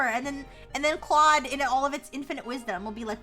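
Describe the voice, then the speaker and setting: A woman's voice: high voice, fast talker, few pauses, pushed and bright, soft background music. A young woman streaming live, reading posts aloud in casual commentary with sarcastic asides. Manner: reads text aloud with frequent laughs and sarcastic asides.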